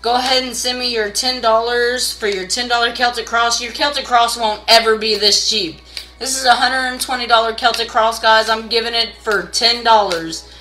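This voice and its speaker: A woman's voice: steady tone, normal speed, pushed and bright, soft background music, rough recording. A woman doing a casual live tarot reading, blunt and profane, scolding viewers and pushing sales. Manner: pushy sales pitch.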